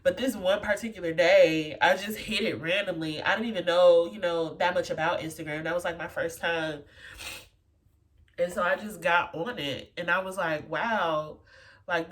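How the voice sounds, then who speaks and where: Woman, personal storytelling, casual with lots of fillers, lower voice, mic set back. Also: steady tone, normal speed. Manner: casual, full of "like" and "you know" fillers. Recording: voice a bit far from the mic.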